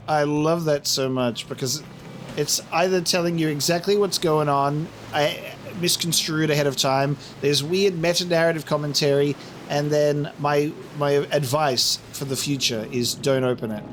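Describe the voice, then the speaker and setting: A man doing let's play commentary who jokes around and reads dialogue choices with theatrical flair. His voice sits a little high. Faint noise runs behind him. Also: moderate pace, a bit bright. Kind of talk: gameplay commentary.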